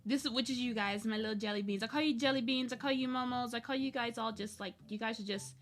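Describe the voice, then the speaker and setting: A woman's voice: a little high, fast, faint music behind. A young adult woman chatting casually on her art livestream, laughing often with nervous, giggly energy. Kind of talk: casual chat while drawing.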